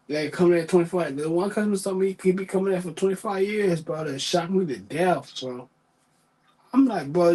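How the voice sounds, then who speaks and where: A man's voice: fairly high pitch, darkish tone, rough recording. A man telling work stories in a casual, profane, exasperated rant, repeating himself.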